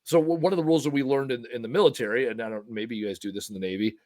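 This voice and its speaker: A man's voice: medium pitch, very fast, darkish tone. A man hosting a podcast, telling loose stories with casual swearing and blunt, joking asides. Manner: rambling storyteller, swears casually. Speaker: podcast host.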